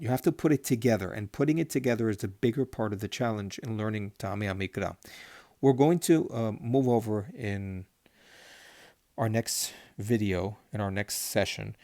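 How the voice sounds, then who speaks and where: A man teaching Torah cantillation, slowly chanting Hebrew words and then explaining them in a patient, step-by-step way. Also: on the low side, a little mellow, no room sound.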